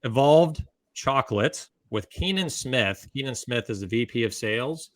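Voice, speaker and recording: A man's voice: medium pitch, expressive, unhurried, dry recording. A man hosting a podcast, chatting casually with guests and reading sponsor notes with joking asides. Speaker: podcast host.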